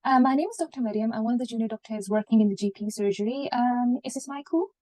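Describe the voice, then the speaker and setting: Brief: woman in a role-play as a polite doctor, slightly high, mellow voice. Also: fast. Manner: polite, reassuring, many fillers. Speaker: student doing a mock consultation. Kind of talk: role-play clinical consultation.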